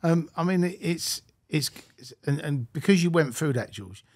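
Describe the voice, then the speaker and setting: A man hosting a podcast interview, giving brief acknowledgements and asking halting, restarting questions. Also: a little high, darkish tone, dry recording, studio quality. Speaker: podcast host.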